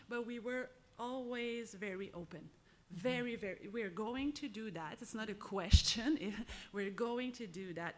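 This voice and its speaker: A woman from Quebec speaks on a conference panel. She often pauses and restarts as she searches for the right words, and her pitch sits in an ordinary middle range.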